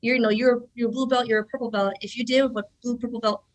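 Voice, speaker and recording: A woman in her thirties, a jiu-jitsu instructor, telling stories in an animated way and filling her speech with "like.". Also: on the high side, quick pace. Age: 30s. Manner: animated storyteller, many fillers like "like". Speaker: guest, jiu-jitsu black belt and instructor. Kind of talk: casual podcast conversation.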